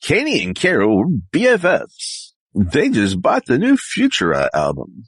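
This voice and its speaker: A man with a gravelly, husky voice plays with silly impressions, slow and drawn out. His pitch swings widely in a dry, close recording. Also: wildly swooping pitch, no echo. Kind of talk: voice-impression practice.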